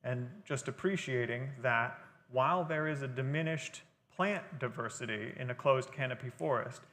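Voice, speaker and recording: A man's voice: mid-range voice, fairly bright tone, in a large hall. A man giving a conversational, explanatory talk at a library. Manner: explanatory, conversational lecturing with fillers. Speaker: guest speaker. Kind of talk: library lecture on gardening.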